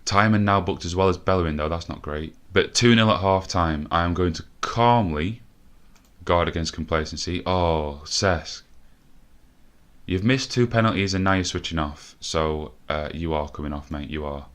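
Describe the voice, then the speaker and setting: Deep-voiced breathless man commentating a game. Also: moderate pace. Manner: swears a lot, shouts when excited. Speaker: gaming commentator. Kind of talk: live video game commentary.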